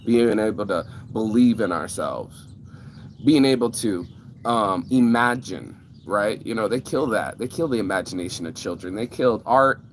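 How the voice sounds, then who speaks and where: Rambling, profane man with a lowish voice. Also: lively intonation, normal speed, a little hiss or hum. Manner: rambling, profane, frequent fillers and restarts. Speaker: vlogger. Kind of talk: casual rant to camera.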